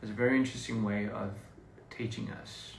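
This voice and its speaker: A man's voice: on the low side, vocal fry. Man on a roomy, distant phone live. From Australia. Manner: relaxed, halting, many fillers and restarts. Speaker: livestream host. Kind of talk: casual livestream chat with viewers. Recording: roomy echo, distant mic, faint noise.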